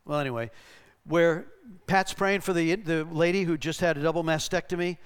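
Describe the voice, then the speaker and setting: A man's voice: fairly high pitch, normal speed, clear, resonant tone. A man preaching in a church, telling stories conversationally and checking in with "right?" while acting out voices. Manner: conversational, tags lines with "right?", acts out the voices in his stories. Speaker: pastor. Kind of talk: sermon teaching with anecdotes.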